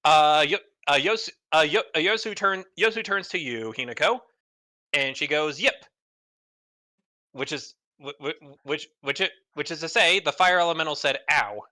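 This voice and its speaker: Male game master, bright dry voice, halting delivery full of restarts. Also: on the high side, no echo. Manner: stammering, repeats words while narrating. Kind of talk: narrating a tabletop game.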